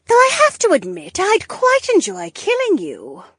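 A woman's voice: high-pitched, wildly swooping pitch, measured pace, no room sound, clean studio sound, exaggerated voice. A woman voicing a cruel, gloating duchess villain in an audiobook, with a mocking, menacing purr. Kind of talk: audiobook character voice.

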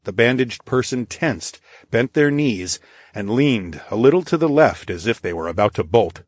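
A man reading a fantasy audiobook in first person, in a steady, measured narration. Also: medium pitch, no echo, studio quality. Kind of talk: scripted narration.

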